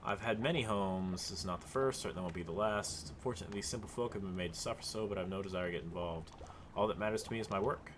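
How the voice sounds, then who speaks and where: A man's voice: low-pitched, fast talker, background noise, pitched below the performer's own voice, lightly acted. A man voicing an aloof, reclusive old male wizard in a put-on Southern drawl for a video game let's play. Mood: haughty. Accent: put-on American Southern.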